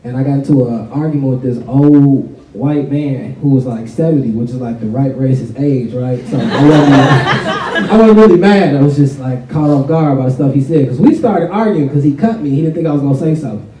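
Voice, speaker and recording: A man's voice: mid-range voice, a little fast, slight background noise. A young man from Canada doing a loose, conversational stand-up set in a large college hall, laughing at his own jokes. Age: young adult. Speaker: stand-up comedian. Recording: echoey hall, mic picked up from far off, loud crowd.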